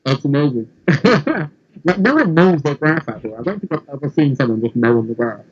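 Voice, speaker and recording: A man's voice: fairly high pitch, expressive, a little fast, breathy edge, muffled recording. A man from England with a London accent, laid-back and casually swearing in a chat. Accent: London English.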